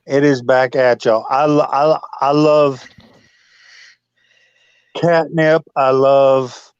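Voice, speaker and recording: A man chatting casually with a friend in a slow, folksy, affectionate way. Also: medium pitch, little pitch movement, clean tone, no echo, highs cut off. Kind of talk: casual chat.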